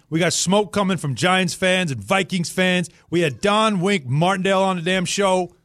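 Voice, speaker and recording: Male sports radio host, slightly high voice, lively banter, dry studio sound. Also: normal speed, hardly any pauses, dry recording. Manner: lively, joking, conversational. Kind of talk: casual chat.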